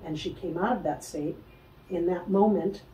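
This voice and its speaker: A woman telling a personal story as a guest in an interview, animated, acting out the voices of other people and laughing often. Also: lowish voice, normal speed, reverberant, recorded from a distance, slight background noise, low-quality recording. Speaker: guest, spiritual healer.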